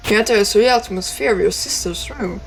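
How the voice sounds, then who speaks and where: A woman's voice: medium pitch, fast. A woman, a native Italian speaker, playing a text game and reading its lines aloud with chatty, playful asides. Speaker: let's play streamer.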